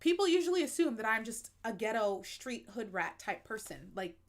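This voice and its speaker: American woman, stream host; frank, expressive, laughs a lot, easy chatty delivery. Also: fairly high pitch, moderate pace. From United States. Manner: frank, expressive, laughs often, uses fillers like um and like. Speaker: livestream host. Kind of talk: candid personal chat to viewers.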